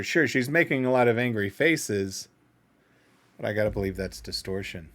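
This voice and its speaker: A man's voice: lowish voice, moderate pace. A man hosting a casual music reaction video, thinking aloud in an analytical, self-doubting way.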